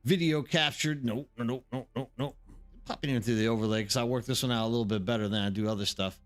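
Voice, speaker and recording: A male game streamer talks live at a racing pace, energetically greeting viewers in the chat by name. His mid-range voice is clear and resonant, with faint music playing behind him.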